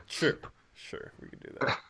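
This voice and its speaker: A man's voice: normal speed, background noise. A young man hosting a casual livestream, joking in slangy, laid-back talk and thanking viewers for donations. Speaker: host.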